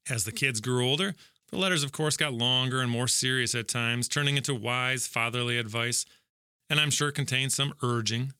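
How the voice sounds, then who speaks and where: Middle-aged man, devotional reader; bright, forceful voice, dry close recording; earnest and chatty. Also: mid-range voice, moderate pace, smooth, dry recording. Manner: conversational, earnest, lightly joking. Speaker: devotional speaker. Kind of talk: Bible reading and devotional reflection.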